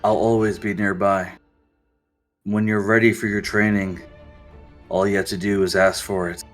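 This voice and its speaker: A man doing a low hushed secretive father. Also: level tone, moderate pace, faint music behind, lightly acted. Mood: ominous. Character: secretive older father, man, whispering dark warnings.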